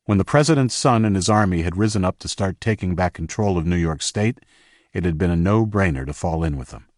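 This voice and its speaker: A man narrating an audiobook in a steady, measured way. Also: sits low, no room sound, clean studio sound.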